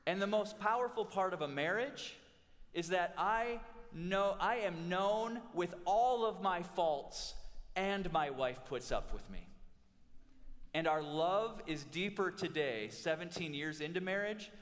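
Brief: male pastor, 40s, fairly high voice, animated and humorous sermon, long hall reverb. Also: unhurried. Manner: animated storytelling with humor and restarts.

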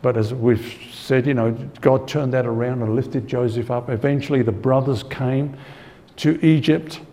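A man delivers a sermon with a warm, mellow voice at an ordinary pitch. He preaches conversationally, repeats his main points for emphasis and drops in "you know" as he goes. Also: steady tone, normal speed.

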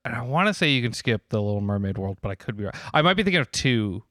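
A man's voice: mid-range voice, big pitch swings, fast, pushed and bright, dry recording, studio quality. A man co-hosting a podcast, chatting casually about video games, laughing easily and swearing now and then. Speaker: podcast co-host.

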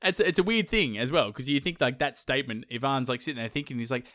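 A man's voice: medium pitch, fast talker, no room sound, clean studio sound. Man, retelling a folktale. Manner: acts out characters in lively put-on voices. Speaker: podcast host. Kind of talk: casual comedic storytelling.

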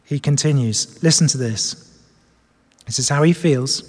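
A man preaching a sermon, swinging between loud emphatic lines and soft, low asides. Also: unhurried, long pauses, big-room sound. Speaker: pastor. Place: church hall with screens.

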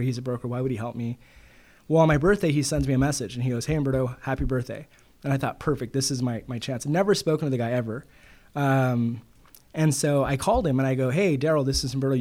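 A man's voice: medium pitch, a little mellow. A middle-aged man, a loan broker, telling stories in a casual interview and quoting others with "he goes.".

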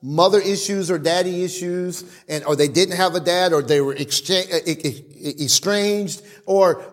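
A man preaching with a noticeably high voice. He delivers his sermon in an animated way and slips into the voices of worshippers to make his points. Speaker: pastor.

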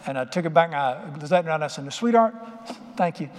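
A man's voice: fairly high pitch, fairly even intonation, racing, long reverb tail. A middle-aged man preaching a sermon, telling stories in a folksy, emphatic way with plain colloquial speech. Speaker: pastor.

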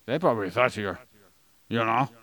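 A man's voice: lowish voice, normal speed, fairly bright tone. A man co-hosting a podcast in casual chat, explaining history with goofy jokes along the way. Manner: jokey, goofy asides. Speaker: podcast co-host. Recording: poor audio quality.

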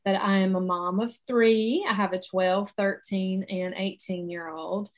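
Middle-aged Southern woman, life coach, warm casual delivery full of "like" and "y'all". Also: medium pitch, steady tone, measured pace. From South Carolina, US. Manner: casual, chatty, faith-centered, uses "like" and "y'all". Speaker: alcohol-free coach. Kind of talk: online coaching session.

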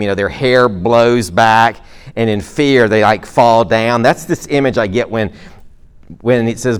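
A man's voice: medium pitch, clear, resonant tone. A middle-aged man preaching a sermon to a congregation in a conversational way, with self-deprecating jokes and asides. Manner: speaks to a live congregation.

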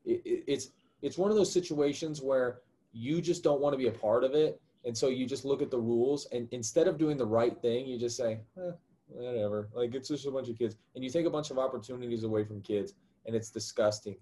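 A man's voice: medium pitch, brisk, hardly any pauses, dark tone. A man hosting a casual conversation, speaking in an indignant, moralizing way.

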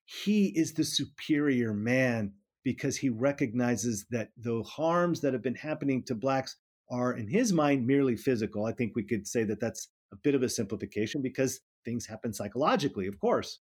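A man's voice: medium pitch, moderate pace, darkish tone, breathy edge. A middle-aged man, a politics professor, talking through ideas in an interview, often restarting and repeating words as he thinks. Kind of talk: academic interview conversation.

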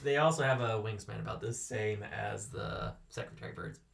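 A man's voice: on the low side, moderate pace, creaky, fairly bright tone, far from the mic. A man from California co-hosting a casual podcast and sharing animal facts with dry humor, now and then correcting himself. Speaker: co-host.

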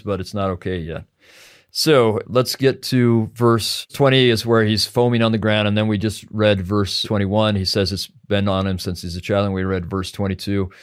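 A man who teaches scripture, a podcast guest, talking through a passage in a heartfelt, reflective way and slowing down to stress key phrases. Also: fairly low pitch. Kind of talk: conversational scripture discussion.

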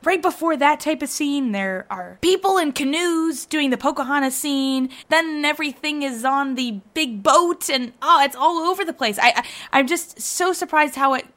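An enthusiastic woman asks questions in a casual chat, quick to laugh. Her voice is high and bright. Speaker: interviewer.

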